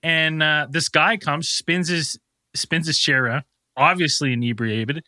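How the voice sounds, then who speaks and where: A man's voice: fairly high pitch, a little slow, pushed and bright, no echo. A man co-hosting a podcast, telling a rambling, profane anecdote with frequent laughs in casual chat. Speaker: podcast co-host.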